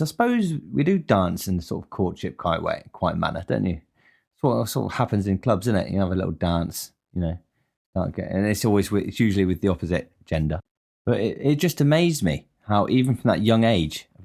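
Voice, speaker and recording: Low-voiced bloke going off on a loose sweary ramble, just chatting to the mic. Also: male voice, gravelly, darkish tone. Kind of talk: casual solo monologue.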